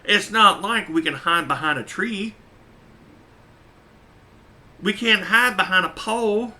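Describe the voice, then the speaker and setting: Slow, sharp-voiced man spinning a road yarn. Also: sits high. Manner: chuckling, drawn-out, repeats points for emphasis. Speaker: truck driver telling a road story. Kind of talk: casual storytelling.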